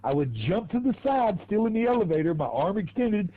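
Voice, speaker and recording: A man's voice: high-pitched, very animated, brisk, narrow, tinny audio. A man streaming a racing game, telling crude stories in a rambling, laughing way. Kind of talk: casual storytelling while gaming.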